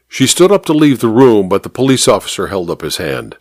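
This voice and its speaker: A man narrating a story in a wry, expressive reading style. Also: lowish voice, brisk, no echo.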